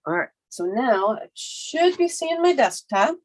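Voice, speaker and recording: Chatty, slightly hoarse woman crafter. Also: on the high side, sing-song, unhurried. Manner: chatty and rambling, thinks aloud while working. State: hoarse, recovering from a cough. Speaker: card-making livestream host. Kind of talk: casual craft tutorial. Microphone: computer webcam mic at her desk.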